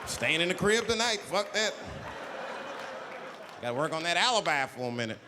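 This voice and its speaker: A stand-up comedian performs to a live room, his voice riding high and swinging widely as he tells his bits. The recording carries the long echo of a big hall and a faint ambient hiss. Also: moderate pace. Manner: animated, jumps into loud high put-on voices. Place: stage in a large hall.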